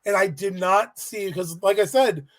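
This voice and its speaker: A man co-hosting a podcast, telling a story in an animated way and swearing freely. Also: high voice, unhurried. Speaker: podcast co-host. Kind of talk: casual chat recapping a wrestling event.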